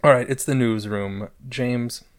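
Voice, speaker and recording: A young man co-hosting a casual podcast, with a dry, deadpan way of delivering jokes. His voice stays at an ordinary middle pitch, understated and unhurried. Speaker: podcast co-host. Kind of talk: casual chat.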